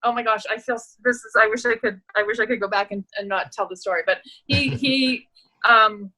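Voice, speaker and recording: Middle-aged actress, woman, chatty anecdotes, bright and forward voice, does little voices for others. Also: fairly high pitch, a little fast, rough recording. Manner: animated storyteller, acts out quoted voices, laughs often. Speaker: actress and producer, guest. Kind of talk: casual anecdote telling.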